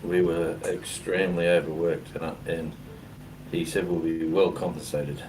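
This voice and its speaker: Deep aussie bloke, easygoing ramble, hissy noisy mic. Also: male voice, level tone, normal speed. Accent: Australian. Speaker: live stream co-host. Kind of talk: casual online chat. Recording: hissing mic with background noise.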